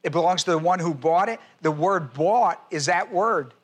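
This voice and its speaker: A man preaching a sermon, citing scripture references and slowly repeating key phrases for emphasis. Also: high-pitched. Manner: spells out words and cites scripture references in a teaching tone. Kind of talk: sermon teaching.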